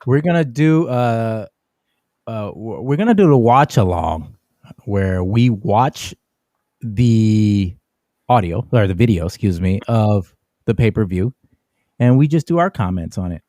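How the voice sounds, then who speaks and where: A man's voice: lowish voice, animated, measured pace, warm tone, no echo, clean studio sound. A man co-hosting a casual podcast chat, reading listener comments aloud in a wry, chatty way. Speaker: co-host.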